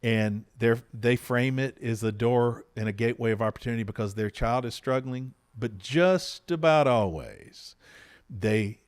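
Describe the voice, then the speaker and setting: A man's voice: medium pitch, measured pace, clean tone. A middle-aged man hosting a podcast, talking earnestly and openly about his family with his spouse. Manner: earnest, reflective and openly heartfelt. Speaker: podcast host. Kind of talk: candid conversation with his spouse.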